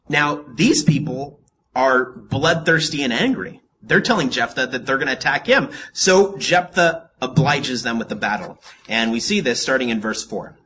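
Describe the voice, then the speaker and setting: A man preaching a casual, joking sermon to a congregation and telling Bible stories in a lively, storytelling way. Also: medium pitch, a little hiss or hum. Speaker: pastor.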